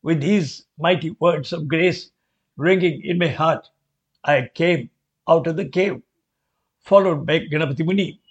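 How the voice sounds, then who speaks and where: A man reading a devotional memoir aloud in a slow, measured, earnest way. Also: on the high side. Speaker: reader. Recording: dull lo-fi recording.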